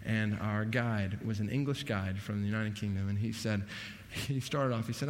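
A man preaching a sermon, animated, his voice rising emphatically on key points. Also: lowish voice, normal speed. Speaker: pastor. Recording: long hall reverb.

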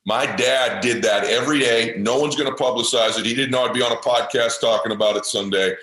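A man's voice: medium pitch, fairly even intonation, fast talker, fairly bright tone. Middle-aged man, podcast guest, intense motivational storyteller, roomy echo. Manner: intense, passionate, earnest.

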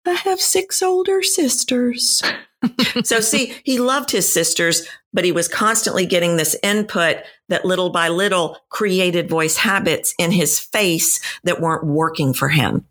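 A woman's voice: lowish voice, measured pace, few pauses. A woman in her fifties with a Texan accent, a voice coach answering interview questions and telling stories with acted-out quotes. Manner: animated storyteller, acts out quoted voices. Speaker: voice and dialect coach.

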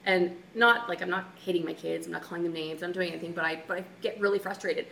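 Fast-talking woman in an echoey room. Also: lowish voice, creaky. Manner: animated, talks through stories with quick asides. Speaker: marriage coach co-host. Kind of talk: casual chat, personal storytelling. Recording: echoey room with faint noise.

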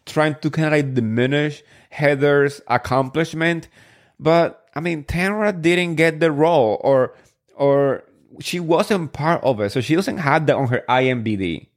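Chatty, gossipy man with a higher voice. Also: a little slow. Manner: chatty and gossipy, full of rhetorical questions and "like". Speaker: podcast host. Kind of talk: casual reality-TV recap chat.

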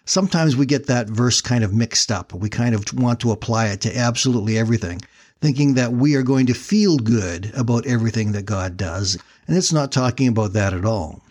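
An earnest man tells a sermon story at an easy, steady pace. His voice sits at a middling pitch, and he moves from the tale into the lesson without fuss. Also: brisk. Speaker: preacher.

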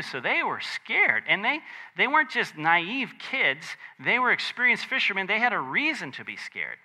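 A man preaching a conversational sermon, animated and chatty, with joking asides. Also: high-pitched, normal speed. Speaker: pastor.

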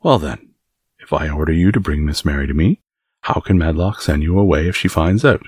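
A man's voice: a bass voice, a little fast, darkish tone, husky, no echo, clean studio sound. A man reading an audiobook voices a spoiled, sickly rich boy who speaks in a grand, commanding way. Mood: imperious.

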